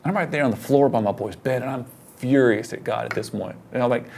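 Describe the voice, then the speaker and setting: Middle-aged male pastor, average pitch, earnest and animated storyteller in a relaxed chat. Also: fast talker, creaky. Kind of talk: casual conversation about faith.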